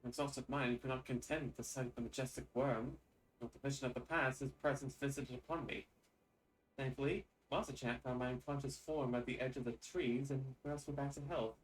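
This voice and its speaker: A man voicing a solemn, reserved woman who speaks in a measured, archaic way. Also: medium pitch, fairly even intonation, far from the mic, close to an everyday voice, low-quality recording.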